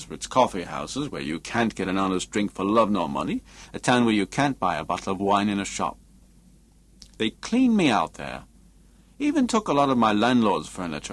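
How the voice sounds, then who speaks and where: A man voicing a blunt, sardonic male painter with a cutting, dismissive way of talking, in an audiobook. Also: on the low side. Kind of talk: audiobook character reading.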